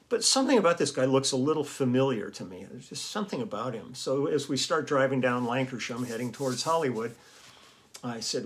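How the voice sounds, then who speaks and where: Man, vlog host, rambling anecdote, chuckles, medium pitch. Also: lively intonation, quick pace. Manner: rambling, chuckling, with many fillers. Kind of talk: casual storytelling.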